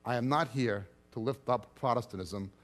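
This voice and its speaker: A man's voice: medium pitch, moderate pace. A man giving an expository Bible teaching, reading scripture aloud and explaining it with emphatic stress that rises and drops sharply.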